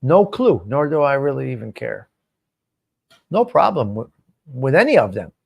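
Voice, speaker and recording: A man's voice: medium pitch, sing-song, normal speed, vocal fry, slightly rough, muffled recording. A man hosting a live stream show, chatting casually and answering viewer comments by name in a rambling, swearing way.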